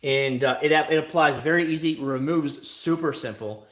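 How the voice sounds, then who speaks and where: Chatty, bright-voiced male streamer. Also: fairly high pitch, moderate pace, reverberant. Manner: animated, talkative, answers chat questions. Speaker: livestream host. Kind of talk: casual livestream chat.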